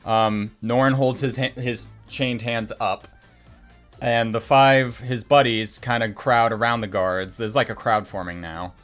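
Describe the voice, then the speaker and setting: A man running a tabletop game as game master, narrating in a relaxed, chatty way. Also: mid-range voice, unhurried, faint music behind.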